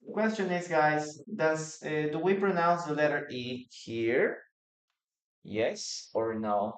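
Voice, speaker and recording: A man's voice: a little high, slow. A man teaching a live online English lesson, patiently repeating words and quizzing his viewers in the chat. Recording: roomy echo.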